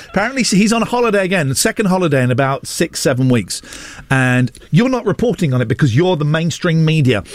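A man hosts a radio show from the studio with animated chat and the odd rant. His voice sits high and jumps around a lot. The sound is close and dry. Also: no echo. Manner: animated, ranting, self-mocking. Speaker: radio host.

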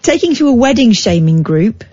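A wry English woman co-hosting late-night radio, reading odd stories in a lively, teasing voice that is slightly husky. The sound is dry and dull, with a lo-fi broadcast feel. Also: a little high, moderate pace, dry recording. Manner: wry, teasing, laughs easily. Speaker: radio co-host.

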